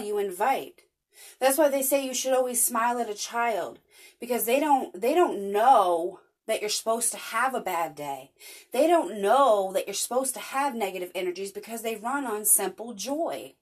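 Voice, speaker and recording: Chatty woman with a high-ish voice. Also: slightly rough. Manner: earnest, chatty, animated storytelling. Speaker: podcast host. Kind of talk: casual motivational monologue.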